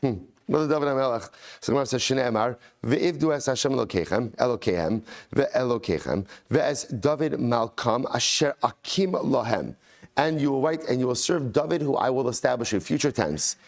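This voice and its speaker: A man, a rabbi, teaching a daily Talmud class. He chants the original text, then explains it conversationally, with excited emphasis and repeated phrases. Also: mid-range voice, a little fast.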